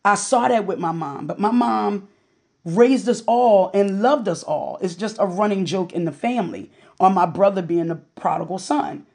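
A woman's voice: mid-range voice, normal speed, darkish tone. Candid woman hosting a podcast. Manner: candid, storytelling, conversational with fillers. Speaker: podcast host. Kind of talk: casual personal monologue.

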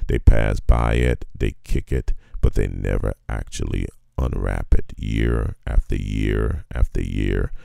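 Gravelly ultra-deep man, laid-back. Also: dark tone, dry recording, studio quality. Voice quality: very deep bass voice. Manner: laid-back, colloquial, drawn-out emphasis. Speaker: guest. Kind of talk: casual motivational storytelling.

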